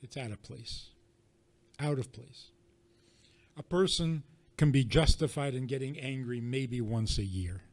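A rabbi giving a teaching talk to an audience, leaning on rhetorical questions and wry everyday examples. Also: male voice, mid-range voice, unhurried, pauses often.

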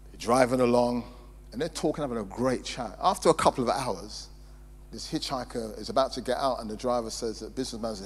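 Pastor preaching in an echoing hall. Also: male voice, medium pitch, husky. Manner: preaching with sharp swings between loud emphasis and quiet storytelling. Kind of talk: sermon. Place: church hall. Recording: reverberant hall with mains hum.

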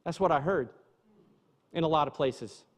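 High-voiced pastor preaching in a reverberant church. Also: male voice, moderate pace. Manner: conversational preaching, asides to the congregation. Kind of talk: sermon. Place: church sanctuary.

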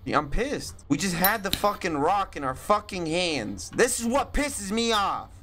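A scared man narrates his horror gameplay, swearing and muttering to himself. His slow, drawn-out delivery swings widely in pitch, from low mutters to high yelps. A steady hiss of noise sits under his voice. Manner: jumpy, swearing, talks to himself while playing. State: scared and tense. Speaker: gaming YouTuber.

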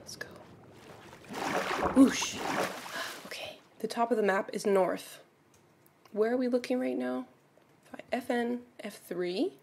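A woman giving casual commentary while playing a video game, excitable and gasping, often dropping to quiet murmurs. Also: a little high, slow, gravelly, long pauses, slight background noise. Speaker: gaming streamer.

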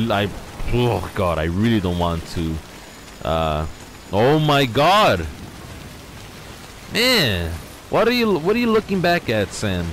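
Young male let's-play host, unhurried delivery with big swings in pitch, excitable and chatty with viewers. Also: a little hiss or hum. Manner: excitable, exclaiming and talking to viewers. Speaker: gaming channel host. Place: home garage.

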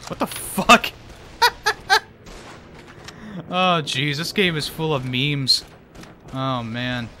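Male streamer, bright voice, bouncy up-and-down delivery, jokey, laughs a lot. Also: on the high side, big pitch swings, extremely slow, long pauses, a little hiss or hum. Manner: joking, laughs often, swears. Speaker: streamer playing a war game. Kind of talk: casual gameplay commentary.

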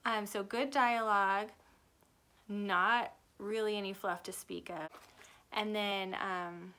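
A woman's voice: medium pitch, fairly even intonation, slow, pushed and bright, a little hiss or hum. A young adult woman and author giving a chatty, rambling book review that often corrects itself. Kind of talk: casual book review chat.

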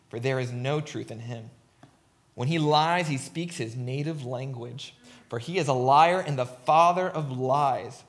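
A man preaching a sermon, reading scripture aloud and commenting emphatically, often checking in with "right?". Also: fairly high pitch.

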